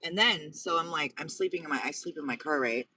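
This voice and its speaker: At night, a man who lives in his car livestreams from inside it, rambling, repeating himself, and chatting with viewers. His voice is fairly high, fairly quick and sharp with a breathy edge, and it's recorded from a distance.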